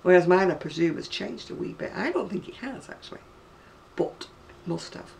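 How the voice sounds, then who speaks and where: A woman's voice: on the low side, lively intonation, normal speed, creaky, darkish tone, recorded from a distance, slight background noise. A woman in her sixties with a northern English accent, chatting casually and rambling to camera about her crafts, often laughing. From North West England. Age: 60s. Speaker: craft seller.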